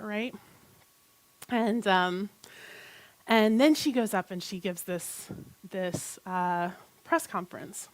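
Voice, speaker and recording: A woman minister giving a conversational sermon, telling a story in an animated way with chatty asides to the congregation. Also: mid-range voice, slow pace, pauses often, no echo, rough recording. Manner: animated storytelling, retelling a film plot.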